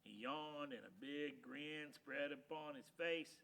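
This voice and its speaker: A man reading a children's storybook aloud with dramatic, animated delivery. His voice sits a bit high and sounds bright and tense. He throws himself into every turn of the tale. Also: takes it slowly, vocal fry. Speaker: narrator. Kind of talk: storybook reading, first-person as a dog.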